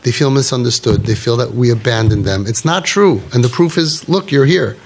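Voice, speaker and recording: A man's voice: mid-range voice, brisk, slightly rough. Earnest man giving a parenting talk. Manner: earnest, emphatic, repeats key phrases. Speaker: parenting coach speaking to parents. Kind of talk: inspirational talk with storytelling.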